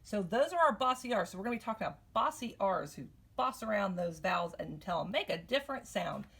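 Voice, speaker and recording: A woman's voice: medium pitch, lively intonation, brisk, gravelly, a bit bright. A woman teaching a recorded phonics lesson to young children, upbeat and coaxing, asking the kids questions, recorded on a phone. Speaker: elementary teacher.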